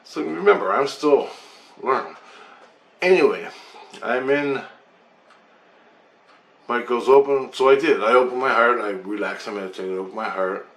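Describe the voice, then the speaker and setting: A man's voice: medium pitch, lively intonation, measured pace, pauses often, fairly bright tone. Rambling man in an echoey room. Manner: rambling, loose and profane, with frequent asides. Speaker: vlogger telling a personal story. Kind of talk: casual storytelling. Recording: roomy echo, faint background hum.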